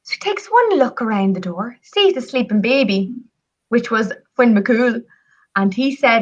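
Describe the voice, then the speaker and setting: A woman with a Northern Irish accent, telling folk tales and talking travel as a radio show guest, lively and chatty. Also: on the high side, unhurried, lo-fi sound. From Northern Ireland. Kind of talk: radio talk show storytelling and pitch.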